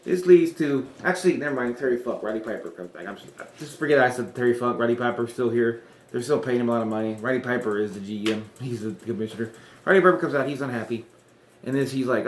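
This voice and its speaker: A man's voice: mid-range voice, fast. Rambling man in a roomy echo. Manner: rambling, self-correcting, chuckling asides. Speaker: wrestling podcaster. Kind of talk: casual fantasy-booking chat.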